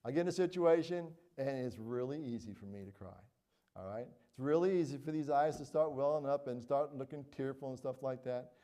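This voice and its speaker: Earnest middle-aged preacher, mellow voice. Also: male voice, mid-range voice, a little fast. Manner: earnest, conversational, frequent "all right?" and "you know". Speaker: pastor. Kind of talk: sermon.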